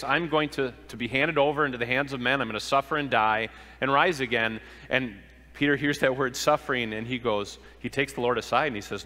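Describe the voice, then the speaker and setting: Male pastor, sermon, bright forceful voice, long hall reverb. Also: medium pitch. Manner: earnest preaching with rhetorical questions and acted-out quotes.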